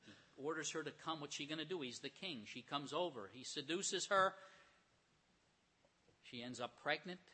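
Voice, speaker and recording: A man preaching a sermon, retelling scripture stories with animated storytelling and acted-out voices. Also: fairly high pitch, normal speed, long pauses, husky. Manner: animated storytelling, acts out characters.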